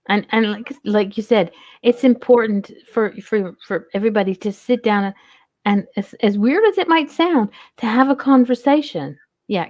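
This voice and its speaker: A woman hosting a casual chat, talkative and quick to laugh while telling stories about her own cats. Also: medium pitch, darkish tone, no room sound. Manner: talkative, laughs often, tells anecdotes. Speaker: host.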